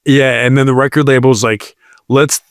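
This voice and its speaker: A man's voice: mid-range voice, steady tone, fast, smooth, no room sound. Man in a dry studio, joking around. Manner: joking, rambling, playful asides. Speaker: podcast co-host. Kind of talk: casual comedic podcast chat.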